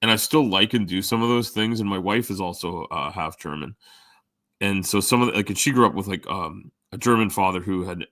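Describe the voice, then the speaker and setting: A man's voice: low voice, brisk, fairly bright tone, no echo, studio quality. A middle-aged man chatting casually with live viewers as a stream host, rambling with lots of fillers. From Canada. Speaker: livestream host.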